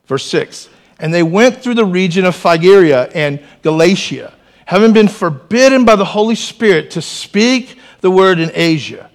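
A man with a notably high voice preaches a sermon to his church. He keeps it animated and breaks off into joking asides and calls for the congregation to answer back. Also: a little slow. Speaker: pastor.

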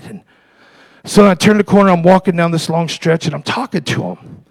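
A man preaching a sermon as pastor, impassioned and storytelling, moving between loud preaching and quiet confiding. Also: high-pitched, steady tone, fairly quick, creaky, dry recording, rough recording.

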